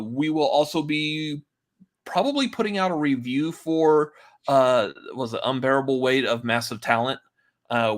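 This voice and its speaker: A man's voice: on the high side, fairly bright tone. Chatty male podcast host. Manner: rambling, chatty, laughs often. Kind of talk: casual chat.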